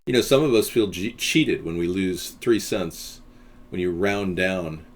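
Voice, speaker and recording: A man's voice: low voice, measured pace. A man hosting a live video-chat talk show, rambling, joking and teasing the chat room. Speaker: host.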